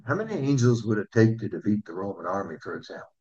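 Husky-voiced preacher man, muffled recording. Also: lowish voice, very animated, darkish tone. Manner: earnest, asks the congregation questions, slows for scripture. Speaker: pastor. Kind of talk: sermon.

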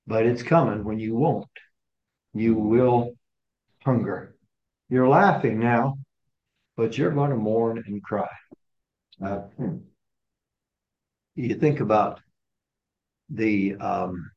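Male Bible study teacher, relaxed conversational delivery with frequent restarts, slightly muffled recording. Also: on the low side. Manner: conversational, repeats and restarts words. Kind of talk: casual teaching to a small group.

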